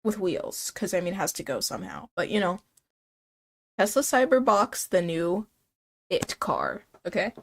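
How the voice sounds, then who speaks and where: A woman's voice: lowish voice, sing-song, moderate pace, a bit bright. A woman streaming live, chatting casually with her viewers in a rambling, playful way, often saying "like" and "dude".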